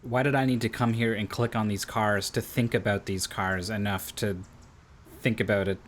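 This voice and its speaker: A man's voice: on the low side, fairly even intonation, moderate pace, a little hiss or hum. A man streaming a video game, chatting casually and thinking aloud. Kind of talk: casual let's-play commentary.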